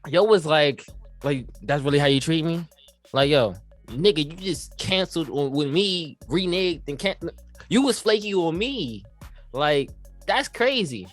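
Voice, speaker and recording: A man's voice: a little high, animated, a little slow, faint music behind. A young man on a podcast, telling a story in casual slang and acting out the quoted lines as he goes. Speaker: podcast co-host.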